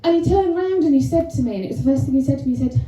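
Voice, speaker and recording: A woman's voice: high-pitched, animated, very fast, warm tone, slight background noise. A woman performing a chatty, self-mocking stand-up comedy set on a club stage. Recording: roomy venue sound, from a distance.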